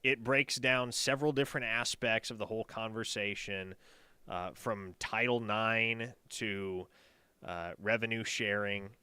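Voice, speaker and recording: A man co-hosting a casual sports talk show, measured, with a dry teasing humor. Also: fairly low pitch, sharp tone, smooth, no room sound. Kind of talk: casual sports radio chat.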